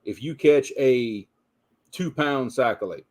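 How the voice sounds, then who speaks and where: A man's voice: mid-range voice, takes it slowly, darkish tone. Co-host man, casual, emphatic, repeats points to drive them home. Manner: emphatic, repeats himself for stress. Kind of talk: casual chat on a live stream.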